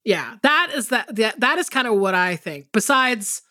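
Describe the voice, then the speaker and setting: Bright, high-voiced chatty woman. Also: normal speed. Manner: rambling, animated, swears freely, many fillers. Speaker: podcast co-host. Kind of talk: casual chat.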